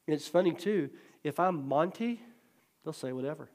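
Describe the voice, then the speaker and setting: Speaking fairly quickly with a voice on the high side, this man pastors a Bible study. He tells stories animatedly, performing quotes and breaking into frequent laughter.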